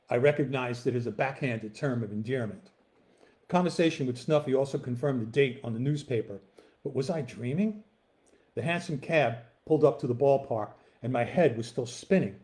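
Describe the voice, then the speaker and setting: A man reading from his own novel in the first person, at an easy, unhurried pace. His voice sits in an ordinary middle pitch, and his reading is relaxed and plain. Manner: relaxed, with fillers in the intro.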